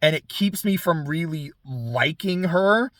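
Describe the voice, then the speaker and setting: A man voicing a timid, earnest teenage boy who answers softly and very politely. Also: on the high side, expressive, unhurried, dry recording, clean studio sound. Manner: polite, soft, careful.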